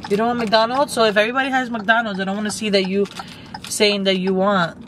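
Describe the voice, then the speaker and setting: A young woman vlogs from behind the wheel, rambling casually about her day while road noise from the moving car fills the background. Her medium-pitched, slightly bright voice moves quickly with little pitch movement, and she swears freely and says "like" a lot.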